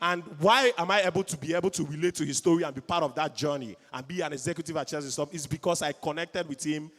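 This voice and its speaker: Brief: Igbo-accented Nigerian emcee, high-pitched, hyped crowd-rouser, reverberant event hall. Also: male voice, fast talker, fairly bright tone. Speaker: event co-host. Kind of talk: live event hosting.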